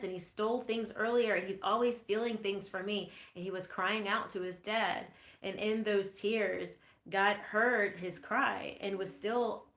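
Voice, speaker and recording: An earnest, reflective woman talks through a Bible passage at an unhurried pace. Her voice sits at a middle pitch for a woman. The recording has a noticeably roomy echo. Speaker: podcast host teaching scripture. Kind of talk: Bible teaching talk.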